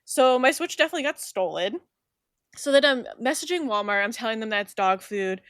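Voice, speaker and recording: A woman's voice: a little high, a little fast, no echo, clean studio sound. A young pregnant woman co-hosting a podcast, telling a story casually and acting out the other people in it with a laugh here and there. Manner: animated, acts out quoted voices, laughs often. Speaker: podcast co-host.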